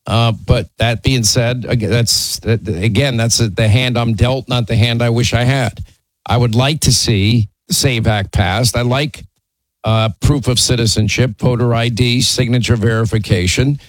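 A man's voice: medium pitch, fairly even intonation, a little slow, dry recording, poor audio. A man hosting a call-in radio show, talking emphatically and often restarting his sentences. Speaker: radio talk show host.

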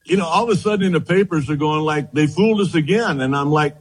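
A man, a former baseball pitcher, telling lively stories as a guest in an interview, often repeating himself as he goes. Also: fast talker, slightly rough, low-quality recording. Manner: animated storyteller, quotes others, repeats words. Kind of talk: storytelling interview chat.

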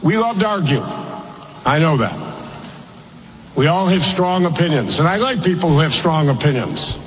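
An older man giving a political speech in a folksy, emphatic way with long pauses. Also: fairly high pitch, lively intonation, crowd noise. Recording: speech clip with long reverb and music.

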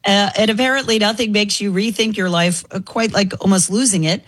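Woman, co-host, news items, matter-of-fact, mid pitch, dry close mic. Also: steady tone, fairly quick, husky, dry recording. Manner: matter-of-fact, light fillers. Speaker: radio news reader and co-host. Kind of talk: reading news items in casual talk.

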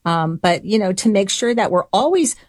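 A woman's voice: mid-range voice, expressive, moderate pace, a little mellow, dry recording, clean studio sound. A middle-aged woman, a spiritual director, telling a personal story in a conversation, reflective and laughing often.

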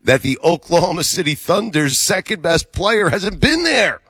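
A man hosting a sports talk show, skeptical and pointed, quick to laugh. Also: high voice, big pitch swings, a bit bright, slightly rough, dry recording, clean studio sound. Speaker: sports radio host.

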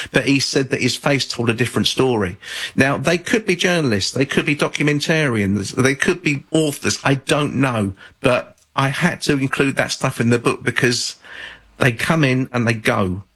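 A man, a guest author on a radio talk show, telling a story in a measured, thoughtful way with some fillers. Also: mid-range voice, a bit bright, husky, rough recording.

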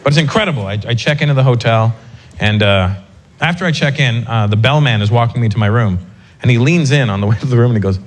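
A man from North America doing stand-up comedy, telling a story in an animated, self-mocking way. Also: mid-range voice, fast talker.

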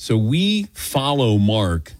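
A middle-aged man hosting a sports call-in radio show, telling a story in an animated way and acting out other people's lines. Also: lowish voice, slow, dry recording. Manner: animated anecdote telling, voicing others in quotes.

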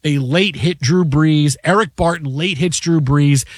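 A man hosting a sports radio show, telling a story with lively, animated energy and acting out the people in it. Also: on the high side, measured pace, dry recording, studio quality. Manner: animated storyteller, acts out shouting fans. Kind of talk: casual sports radio chat. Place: radio studio. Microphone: studio microphone.

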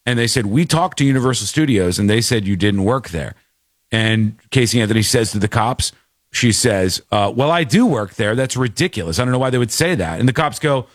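A man's voice: medium pitch, very animated, a little fast, no echo, studio quality. A man telling a story in casual chat, acting out the people in it with shifting voices. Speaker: podcast host.

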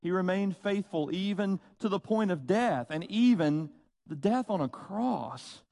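A man preaching a sermon, slow and emphatic, with dramatic pauses and rhetorical questions. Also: sits high, animated, dark tone, dry recording. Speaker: pastor.

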